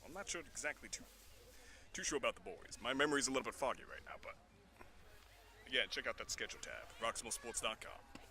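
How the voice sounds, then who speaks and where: A man doing live baseball play-by-play outdoors on a boom mic, keeping his voice hushed like a golf commentator. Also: fast talker, long pauses. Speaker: sports commentator.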